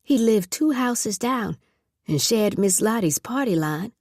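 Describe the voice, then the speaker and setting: A woman narrating an audiobook in a measured, steady storytelling voice. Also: mid-range voice, no room sound, clean studio sound. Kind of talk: scripted narration.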